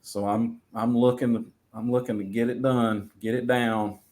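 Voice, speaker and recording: Relaxed, rambling male musician guest. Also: mid-range voice, moderate pace. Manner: relaxed, rambling, many fillers. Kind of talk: casual interview.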